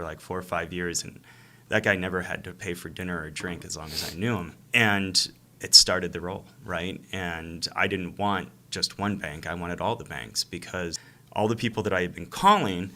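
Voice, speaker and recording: Male interview guest, deep voice with a bright edge, acts out dialogue as he narrates. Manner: animated storyteller who acts out phone calls. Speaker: real estate investor and coach, interview guest. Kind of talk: casual storytelling in an interview.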